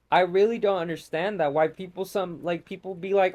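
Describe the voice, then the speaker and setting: Over gameplay, a fairly high-voiced man vents in profane, exasperated bursts, drifting casually from complaint to complaint like a channel host. His speech is fairly quick with few pauses and fairly even intonation. The tone is a little mellow.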